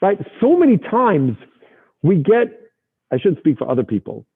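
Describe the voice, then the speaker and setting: A man teaching a Torah lesson as an animated storyteller, sprinkling in Yiddish and Hebrew terms, heard over a tinny line. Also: high voice, normal speed, husky. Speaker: rabbi teacher.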